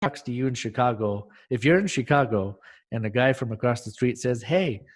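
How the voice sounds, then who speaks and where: A man's voice: mid-range voice, brisk. A man co-hosting a casual podcast, asking questions and teasing his friend playfully. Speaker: podcast co-host. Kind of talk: casual chat.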